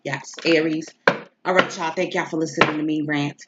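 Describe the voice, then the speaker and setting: A woman's voice: sits low, fairly even intonation, moderate pace, highs cut off, heavy background noise. A woman, an astrology and tarot reader, talking in a rambling, emotional way with a stuffy nose from crying, throwing in rhetorical asides. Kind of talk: casual confessional vlog chat. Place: home.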